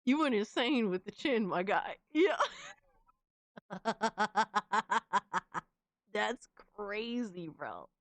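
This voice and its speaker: A woman's voice: mid-range voice, big pitch swings, very slow, long pauses, fairly bright tone, dry recording. A young woman streamer reacting casually to fan images, slangy and exclamatory, often laughing.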